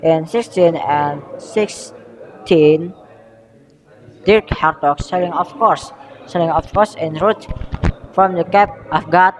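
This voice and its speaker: A young man from Indonesia with an Indonesian accent, giving a school history presentation, halting and often correcting himself as he reads from notes. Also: fairly high pitch, big-room sound, rough recording. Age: young adult. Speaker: student presenter.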